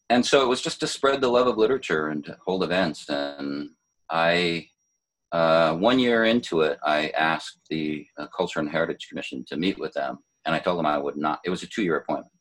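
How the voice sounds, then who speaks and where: An older man, a poet, talking in a relaxed interview, thoughtful and hesitant, with many fillers and restarts. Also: extremely low pitch, normal speed, low-quality recording. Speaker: poet, former city poet laureate.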